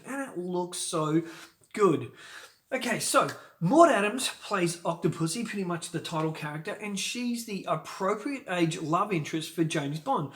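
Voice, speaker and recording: Man, film reviewer, casual talk, enthusiastic, chatty, fairly high voice. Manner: enthusiastic, chatty, with fillers and laughs.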